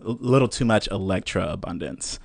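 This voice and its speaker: A man's voice: fairly low pitch, a little fast, gravelly, dry recording. A man, a comedy performer guesting on a podcast, teasing the host in a dry, playful way. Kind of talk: casual podcast chat.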